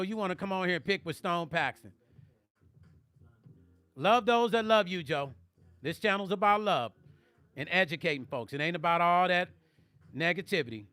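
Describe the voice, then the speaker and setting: Middle-aged man, high, bright voice, dry close sound, joking livestream banter. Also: clear, resonant tone, no echo. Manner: joking, playful banter, drawn-out teasing. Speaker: musician and vlog host reading live chat. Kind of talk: casual livestream chat.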